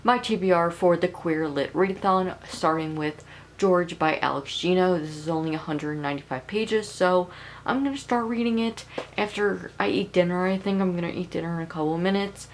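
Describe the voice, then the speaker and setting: A woman's voice: on the low side, normal speed, low-quality recording. A young woman talking casually in a reading vlog, rambling and chatty with plenty of filler words. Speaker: book vlogger.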